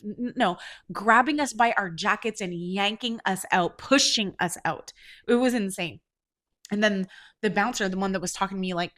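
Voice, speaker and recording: A congested woman in her forties, a podcast host telling a story casually, swearing and rising to loud outrage. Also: mid-range voice, normal speed. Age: 40s.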